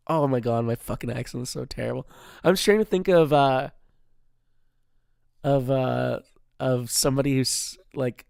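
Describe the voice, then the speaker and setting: A man's voice: medium pitch, normal speed, vocal fry, long pauses, a little mellow, clear, resonant tone, dry recording, studio quality. A young man hosting his solo podcast, rambling, swearing constantly and poking fun at himself. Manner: rambling, heavy swearing, self-deprecating. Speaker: podcast host. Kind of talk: casual solo podcast chat.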